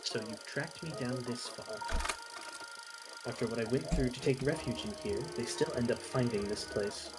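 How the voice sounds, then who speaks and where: A man voicing a hiding projector machine that speaks in a quiet, flat, accusing tone. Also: mid-range voice, quick pace, close to an everyday voice. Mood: bitter, cold. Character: cold, bitter hiding machine projecting messages.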